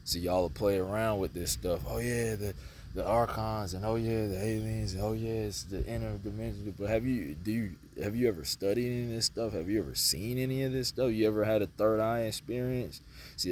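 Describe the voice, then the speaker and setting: A man with a deep, low voice and a drawl talks straight to camera outdoors. His delivery is slangy and preachy, with plenty of emphasis. Faint crickets sound behind him. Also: a little mellow, slight background noise. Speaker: spiritual vlogger. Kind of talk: casual spiritual talk to camera.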